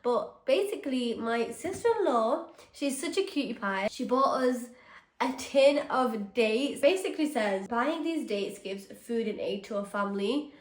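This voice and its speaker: A woman's voice: a little high, animated, a little slow. Young woman vlogging at home, chatty, heartfelt, kinda echoey room. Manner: chatty, emotional, sincere and grateful. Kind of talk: casual vlog talk to camera. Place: home, indoors.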